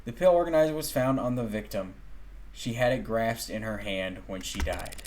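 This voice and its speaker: A man voicing a cold, calculating male killer who narrates his own crimes in a measured, smug inner monologue, read from a story game. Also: fairly low pitch, darkish tone, slight background noise, lightly acted. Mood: calm, measured. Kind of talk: reading a game's dialogue aloud.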